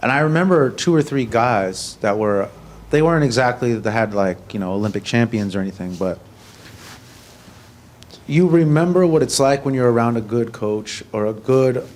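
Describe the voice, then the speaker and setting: A man's voice: mid-range voice, expressive, normal speed, a little mellow. Man, 30s, congregation member, casual storytelling, light background hiss. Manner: conversational, with fillers. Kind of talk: casual testimony.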